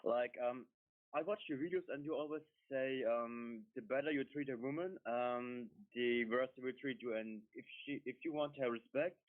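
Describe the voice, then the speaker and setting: A man from Switzerland calling in, speaking halting English with many pauses and ums. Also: mid-range voice, no echo. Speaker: caller. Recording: phone line.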